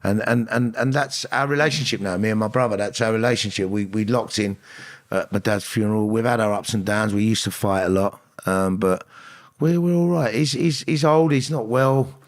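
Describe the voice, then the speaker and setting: A man telling personal stories in an interview, animated and acting out the voices of people he quotes, with frequent restarts. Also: fairly low pitch, moderate pace. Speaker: actor and guest. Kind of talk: candid interview storytelling.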